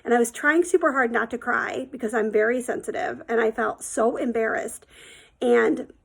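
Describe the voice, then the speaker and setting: A middle-aged woman tells a story from her own life, loose and chatty, full of filler words. Her voice sits slightly high, with a gravelly fry running through it. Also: steady tone, normal speed. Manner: chatty, rambling, many ums and likes. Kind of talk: casual spoken storytelling.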